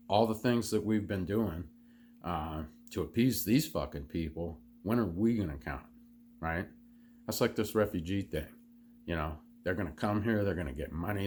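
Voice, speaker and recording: A man from the United States holds forth alone as the host of his own commentary show, his voice sitting low. He talks in an angry, sneering rant, swearing constantly, with a faint noise under the recording. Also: a little mellow. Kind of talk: profane ranting monologue.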